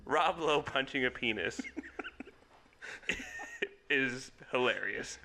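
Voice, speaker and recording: Gravelly bright-voiced man arguing about movies. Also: medium pitch, expressive. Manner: teasing, argumentative, quick to laugh. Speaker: podcast co-host. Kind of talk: casual comedy movie chat.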